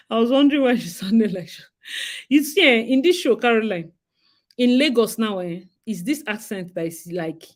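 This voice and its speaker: A young woman with a Nigerian accent, hosting a casual talk and chatting in a lively way with bits of Pidgin. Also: a little high, moderate pace. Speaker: host. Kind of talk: casual monologue.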